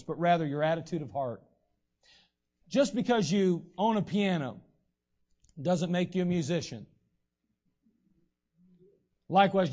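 Male preacher, high voice, emphatic and conversational, dull lo-fi recording. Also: darkish tone. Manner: emphatic, slow stressed scripture reading; conversational asides to the congregation. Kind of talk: sermon. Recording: dull lo-fi sound.

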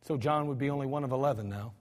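An American male pastor preaching a storytelling sermon, swinging between soft asides and loud cries. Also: medium pitch, racing. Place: church sanctuary. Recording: church hall reverb.

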